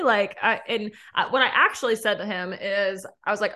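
A young podcast host tells a dating story in a bright, pushed voice that sits a little high, talking quickly with few pauses. The storytelling is chatty and casual, with frequent laughter and acted-out bits of what people said.

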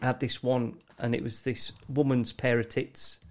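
A man's voice: mid-range voice, moderate pace. A man telling stories in casual podcast banter, swearing heavily. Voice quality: lively delivery, heavy swearing. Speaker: podcast co-host, t-shirt printer.

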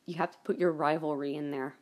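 A woman's voice: medium pitch, animated, moderate pace. A woman hosting a personal monologue podcast, ranting angrily and swearing heavily, with many restarts and trailing asides. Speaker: podcast host.

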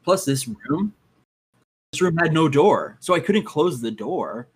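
A young man, a podcast guest, telling his own ghost experiences in a casual, animated way and acting out his reactions. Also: on the high side, unhurried, breathy edge, low-quality recording.

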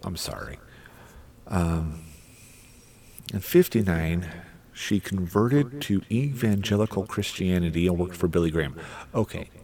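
A man's voice: low-pitched, expressive, measured pace, a little mellow, husky. A middle-aged man hosting a podcast, rambling through casual solo commentary with irreverent, crude asides. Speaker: podcast host.

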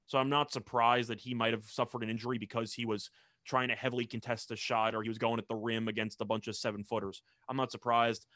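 Young man, sports talk co-host, measured analytical delivery, dry close sound. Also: medium pitch, level tone, sharp tone, no echo. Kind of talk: sports talk show banter.

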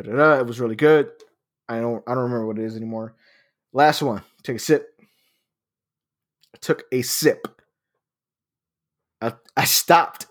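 Guy in his 30s telling a wild story, swears a ton, keeps laughing. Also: mid-range voice. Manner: profane, laughing anecdote telling. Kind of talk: casual chat.

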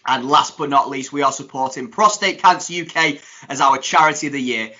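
A man co-hosting a podcast, chatty and excitable, laughing often. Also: mid-range voice, a little fast, muffled recording. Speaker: podcast co-host. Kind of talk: casual podcast chat.

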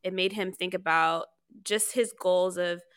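A woman co-hosting a podcast in casual chat, expressive and quick to laugh, often quoting people as she talks. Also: on the low side, smooth. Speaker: podcast co-host.

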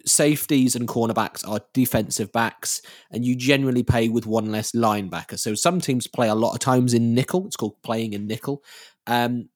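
A man calmly explaining the finer points of a sport on a casual podcast, steady and sure of his opinions. His mid-range voice is recorded close and dry, without any room echo. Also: medium pitch. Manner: measured, explanatory, firmly contrarian. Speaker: podcast co-host.

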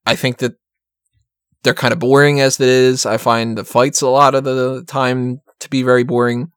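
Male podcast talker, rambling and profane, mid-pitched, dry recording. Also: little pitch movement, moderate pace, fairly bright tone, clear, resonant tone, dry recording. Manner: profane, laughing often, rambling. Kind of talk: casual wrestling chat.

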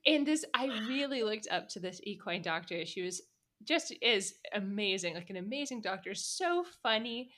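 A woman's voice: mid-range voice, expressive, normal speed, fairly bright tone. A young woman co-hosting a casual chat, playful and joking, with frequent laughter. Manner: playful, laughs a lot, jokes along. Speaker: co-host.

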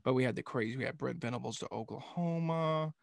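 A man's voice: mid-range voice, fast, gravelly, no room sound, clean studio sound. A young man co-hosting a casual sports talk show, joking and slipping into silly impressions.

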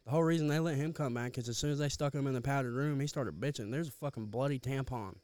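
A man's voice: medium pitch, fast, darkish tone, no echo. A young man telling a rambling, profane story in casual chat, slangy and loose. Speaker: podcast co-host.

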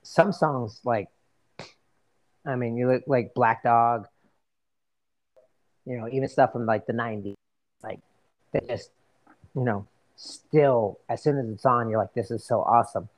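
A man's voice: mid-range voice, unhurried, long pauses. A middle-aged man co-hosting a podcast, chatting casually and telling easygoing, laughing anecdotes. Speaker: podcast co-host. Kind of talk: casual chat.

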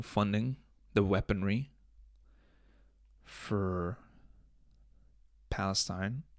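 A young man hosts a casual solo podcast, his fairly low voice recorded on a close-up studio microphone with no room sound. He rambles, swears, and cracks jokes, drifting between loud bits and mumbling while often coughing and clearing his throat.

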